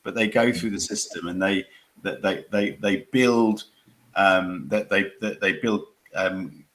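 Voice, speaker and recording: Very low-voiced man, halting speech. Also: a bit bright. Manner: halting, many repeated words and restarts. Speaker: crime author and former police officer. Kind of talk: conversational interview answers.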